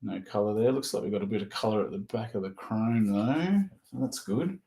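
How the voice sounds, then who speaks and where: With a low, gravelly, dark voice and an Australian accent, this card breaker talks fast and animatedly as he rips packs, listing player names and getting excited over good pulls. The recording has a roomy echo and a bit of hiss or hum.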